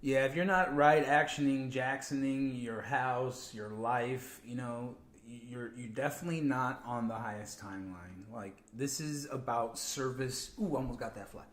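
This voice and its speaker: A man co-hosting a spiritual livestream in casual chat, relaxed and preachy, with casual slang. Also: mid-range voice, unhurried, hardly any pauses. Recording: echoey room.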